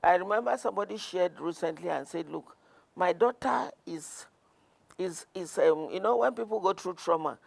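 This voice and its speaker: A woman guest speaks earnestly about her clinic work, her voice carrying a gravelly texture. She tells stories at a measured pace, often restarting a sentence as she goes. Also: fairly low pitch, expressive. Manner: earnest, storytelling, with frequent restarts. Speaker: guest counsellor. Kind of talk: conversational interview.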